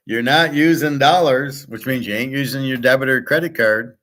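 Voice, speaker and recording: A man's voice: mid-range voice, moderate pace, hardly any pauses, a bit bright. Blunt, profane man ranting. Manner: tells stories by acting out both sides. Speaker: sports handicapper and show host. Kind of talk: unscripted ranting monologue.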